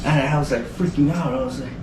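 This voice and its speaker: A man's voice: mid-range voice, quick pace, background noise. A man from the Northern Mariana Islands telling a story in casual podcast chat, rambling and leaning heavily on "like" as a filler. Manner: rambling, heavy use of "like" as filler. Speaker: podcast guest. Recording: roomy sound from a distant mic.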